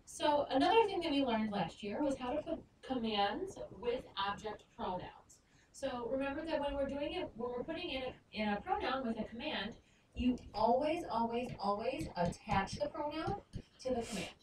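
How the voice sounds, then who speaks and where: A woman teaching a Spanish lesson, explaining patiently and slowing down to sound out words. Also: sits high, animated. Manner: patient, clear, slows down to spell out Spanish words. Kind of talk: recorded lesson narration. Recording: echoey room, far mic, noisy.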